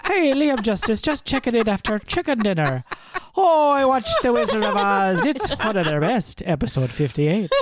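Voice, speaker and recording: A man's voice: high-pitched, sing-song, moderate pace, noisy background, voice pushed up. A man doing a put-on Irish accent as a gushing podcast fan, hammy and laughing. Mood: goofy, playful. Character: fan doing a cheeky fake Irish brogue.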